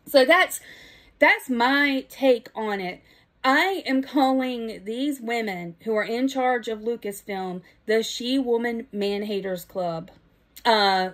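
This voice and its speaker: A woman with a bright, high voice and a Southern accent vents her opinions straight to camera. She is middle-aged, blunt and emphatic, and swears freely as she gets more and more worked up. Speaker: vlogger. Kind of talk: impassioned opinion rant.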